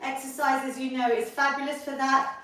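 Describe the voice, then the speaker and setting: A woman's voice: sits high, level tone, normal speed, a bit bright. A middle-aged woman, leading a live online workout class for seniors as a fitness instructor, upbeat and encouraging as she counts down the reps. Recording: very echoey room, voice from far off.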